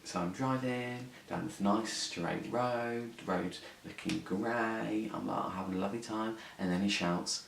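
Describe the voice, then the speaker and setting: A man's voice: on the low side, steady tone, measured pace, gravelly, hardly any pauses. A young man telling a story on his vlog, sweary, rambling and indignant. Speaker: vlogger. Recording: echoey room, mic at a distance, faint hiss.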